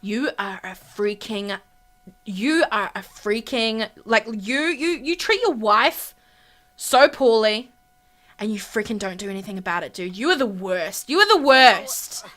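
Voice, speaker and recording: A woman's voice: medium pitch, expressive, unhurried, a bit bright. A woman voicing a vengeful young woman in a life-simulation game, talking bluntly and defiantly. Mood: furious.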